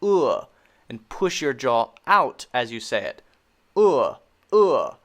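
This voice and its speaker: Male American pronunciation teacher, slow and deliberate, lively pitch, repeats model words. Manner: models vowel sounds slowly and repeatedly. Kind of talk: pronunciation lesson.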